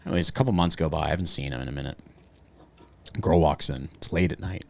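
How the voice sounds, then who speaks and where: A man's voice: rumbling low, fast, gravelly. A man on a comedy podcast telling a rambling, profane story with bits of hardboiled noir voice. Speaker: podcast co-host.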